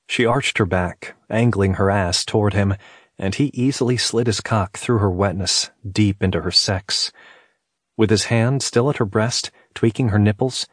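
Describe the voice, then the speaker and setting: A man reading a romance novel aloud as narrator, calm and even. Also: fairly low pitch, slightly rough, no room sound, studio quality. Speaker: audiobook narrator.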